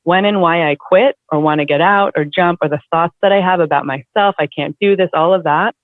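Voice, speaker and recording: A woman guest in a casual conversation, talking in an animated, chatty way with lots of fillers. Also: fairly low pitch, a little fast, dry recording. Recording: dry, tinny phone-like line.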